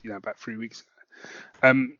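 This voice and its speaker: A man's voice: mid-range voice, fairly even intonation, normal speed, bright, forceful tone, dry recording, highs cut off. A man co-hosting a casual podcast chat, dry-humoured and a little rambling. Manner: dry, laid-back, rambling. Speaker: co-host.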